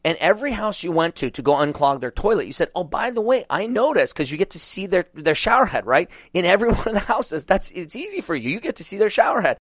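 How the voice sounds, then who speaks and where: A man coaching small business owners, talking animatedly and acting out what clients say in quick asides. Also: high-pitched, sing-song, dry recording, clean studio sound.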